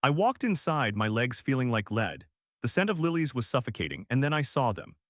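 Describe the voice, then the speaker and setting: Male narrator, mid-pitched, earnest and dramatic, dry close voice-over. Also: sing-song, brisk, no room sound. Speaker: story narrator. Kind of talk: scripted first-person narration.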